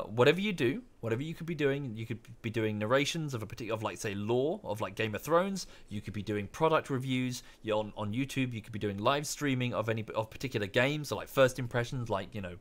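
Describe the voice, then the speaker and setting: Man, British accent, young adult, game streamer, casual rambling rant, very lively pitch. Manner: rambling, self-correcting, animated rant. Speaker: streamer and YouTuber. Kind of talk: casual live-stream chat while gaming.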